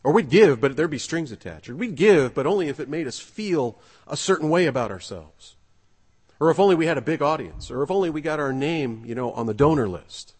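A man's voice: on the high side, lively intonation, brisk, slightly rough. A man preaching a sermon in a conversational, earnest way, telling a story with occasional fillers. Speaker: pastor. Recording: long reverb of a large hall.

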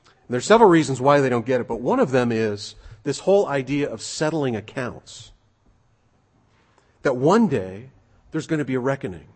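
A man delivers a sermon in a lively, swooping voice with a touch of huskiness. He preaches in an emphatic, conversational way. His words ring out with the long reverb of a large church hall. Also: mid-range voice, moderate pace, slightly rough. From United States.

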